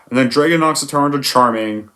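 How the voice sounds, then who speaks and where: A man delivers an irritated film review rant at a mid-range pitch. He sounds fed up and emphatic, and he swears freely as he builds up his complaints. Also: sharp tone. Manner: exasperated, emphatic ranting with swearing. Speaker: movie reviewer.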